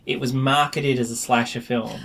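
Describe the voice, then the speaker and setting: A man's voice: medium pitch, steady tone, normal speed, creaky, a bit bright. A man, co-hosting a casual film podcast, chatty and laughing often, often trailing off mid-sentence. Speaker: podcast co-host.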